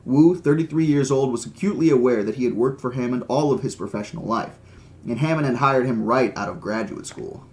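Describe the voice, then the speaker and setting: A man reads a novel aloud for a live stream in a voice of ordinary pitch, sitting in the middle of the male range. His narration stays plain and steady, broken now and then by easygoing asides to the chat. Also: fairly quick. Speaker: audiobook reader and streamer.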